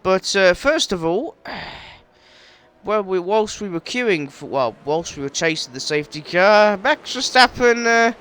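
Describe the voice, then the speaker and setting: A man's voice: high-pitched, lively intonation, takes it slowly, fairly bright tone, clear, resonant tone. A man casually commentating over his own racing game playthrough, rambling, correcting himself often and cracking jokes. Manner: rambling, self-correcting, jokey. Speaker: gaming video creator.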